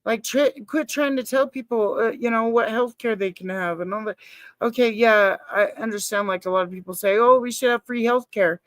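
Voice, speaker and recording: A woman chats casually on a live stream, rambling, cursing and answering her chat. She calls herself a nervous person. Her voice sits at a middle pitch and sounds dry and close. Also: a little fast, no room sound. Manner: rambling, swears, reacts to chat, self-described nervous.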